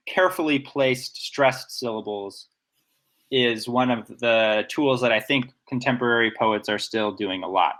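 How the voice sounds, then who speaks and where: Chatting casually on a podcast he co-hosts, a man lays out his points with eager, geeky analysis and talks through examples. His voice is mid-range and fairly bright.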